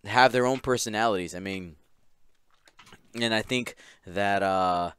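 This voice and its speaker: A man's voice: lowish voice, unhurried, a bit bright, smooth, no room sound. A man hosting a casual podcast, giggly and rambling, restarting his sentences often. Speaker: podcast host.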